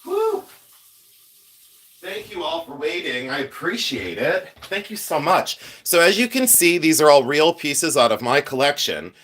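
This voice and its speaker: Man hosting chatty stream, somewhat high voice. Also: sing-song, a little slow, fairly bright tone, breathy edge. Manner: chatty, rambling, thanks viewers often. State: congested, sniffly from sinuses. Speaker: livestream host, jewelry collector. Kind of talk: casual live-stream chat.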